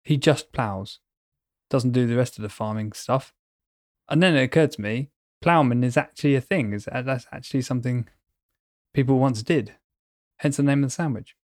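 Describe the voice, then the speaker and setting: A man's voice: mid-range voice, moderate pace, a little mellow, dry recording, clean studio sound. A man co-hosting a casual chat, talking in a playful, rambling way and painting vivid pictures with his words. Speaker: podcast co-host.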